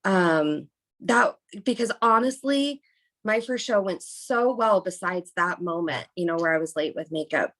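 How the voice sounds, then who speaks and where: A woman's voice: on the low side, lively intonation, a little slow, fairly bright tone. A young woman, a bikini competitor, chatting as a podcast guest and rambling through a story with many fillers. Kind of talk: casual interview storytelling.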